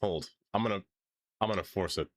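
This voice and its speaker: A man's voice: low voice, brisk, no echo, clean studio sound. A man live-streaming, chatting casually with his viewers and pets, laughing often and rambling. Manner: giggly, rambling, talks to chat and pets.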